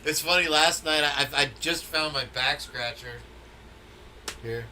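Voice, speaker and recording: A man's voice: on the high side, unhurried, a crowd in the background. A man hosting a casual conspiracy podcast, rambling and repeating words as he thinks. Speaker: podcast host.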